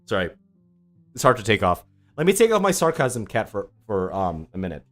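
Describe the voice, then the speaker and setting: A man's voice: fairly low pitch, wildly swooping pitch, fairly quick, fairly bright tone, soft background music. A young man chatting casually on a livestream, sarcastic and rambling with lots of ums, answering viewers. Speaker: tennis YouTuber streaming live.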